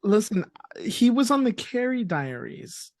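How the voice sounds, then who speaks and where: A woman's voice: a little high, big pitch swings, measured pace, darkish tone, dry recording, clean studio sound. A woman co-hosting a podcast in casual chat, rambling, laughing often and restarting her sentences. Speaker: podcast co-host.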